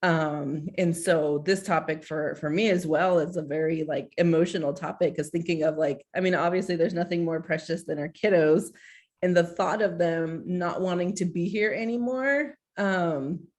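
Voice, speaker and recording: Social worker lady in her 40s on a video call, candid and heartfelt, kinda low voice, lots of likes. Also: moderate pace, a little mellow. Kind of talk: casual video-call presentation.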